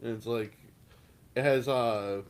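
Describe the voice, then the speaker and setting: A man co-hosting a podcast in casual chat, mumbling loudly and joking. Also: medium pitch, fairly even intonation, slow. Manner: loud mumbling, jokey. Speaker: podcast co-host.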